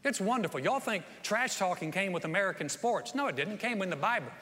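A man's voice: high-pitched, expressive, fast, pushed and bright. A man preaching a sermon, telling a Bible story in a folksy way and acting out the quotes with rising energy. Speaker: pastor. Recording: long hall reverb.

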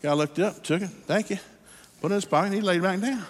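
A man's voice: high voice, quick pace, a faint crowd, slight background noise. A man preaching a sermon, telling a folksy story and then calling people to prayer, recorded in a church hall. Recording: hall reverb.

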